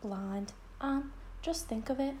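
A tired, clipped older woman's voice, stern and worn down, with a low mellow weight, as a woman narrator plays her. Her lines come flat and plain in an audiobook reading. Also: takes it slowly, slight background noise. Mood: weary. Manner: weary, clipped and bitter. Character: stern, weary elderly spinster. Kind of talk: audiobook character voice.

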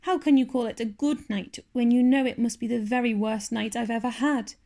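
A woman's voice: on the high side, fairly even intonation, a little fast, warm tone, close to an everyday voice. A woman doing a reproachful little orphan girl.

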